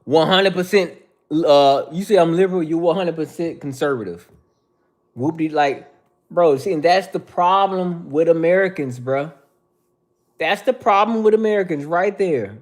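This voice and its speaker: A man's voice: on the high side, moderate pace. A man hosting a casual livestream, answering viewer chat in a mocking, profane, confrontational way.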